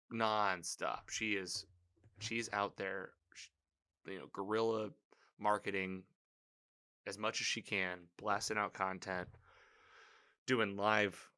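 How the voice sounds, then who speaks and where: Male recapper, somewhat low voice with a crisp, forceful edge; loose, chatty, reactive delivery. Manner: rambling, filler-heavy, animated reactions. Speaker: TV episode recapper. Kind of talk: casual spoken episode recap.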